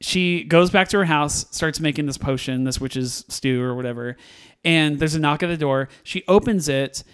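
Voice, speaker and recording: A man with a somewhat high voice, chatting through a film review on a podcast. He is animated, laughs often and puts on the characters' lines as he retells scenes. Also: normal speed, clear, resonant tone. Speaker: podcast co-host. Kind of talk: casual movie review chat.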